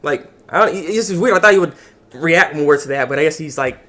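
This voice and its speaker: A young man giving a casual anime episode review, animated and acting out the characters' lines. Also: fairly high pitch. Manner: animated, acts out the characters' lines in quick voices.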